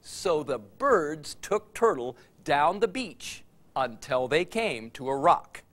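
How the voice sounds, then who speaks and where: A man telling a story for all ages in an animated way, chuckling along with the tale. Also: fairly high pitch, takes it slowly.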